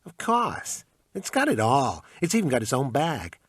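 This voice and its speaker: A man's voice: mid-range voice, huge pitch swings, normal speed, husky, dry recording, studio quality, pitched above the performer's own voice. A man voicing an eager, pushy male pawnshop salesman who haggles over prices in an audiobook. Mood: eager salesy. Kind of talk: audiobook character voice.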